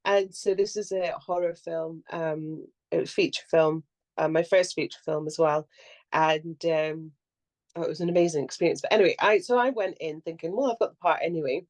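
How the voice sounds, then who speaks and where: A young woman with a slightly low voice chats casually on a podcast and tells stories with plenty of animation. She laughs freely and puts on little voices for the people in her stories. It sounds like relaxed, unscripted conversation between friends. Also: normal speed. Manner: animated storyteller who acts out quotes and laughs often. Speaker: actor and podcast co-host.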